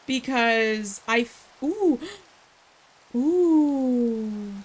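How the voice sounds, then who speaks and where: A woman streamer chatting casually while she plays a game. Her voice sits a little high, and her talk rambles, with sarcastic asides along the way. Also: animated, unhurried. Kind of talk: casual gameplay chat.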